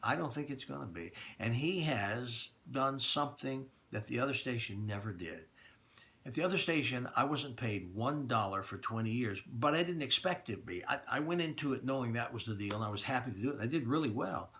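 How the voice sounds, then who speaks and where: A middle-aged talk radio host speaks brisk and animated, his medium-pitched voice fairly bright. Addressing listeners head-on in a plainspoken monologue announcement, he repeats key points to drive them in.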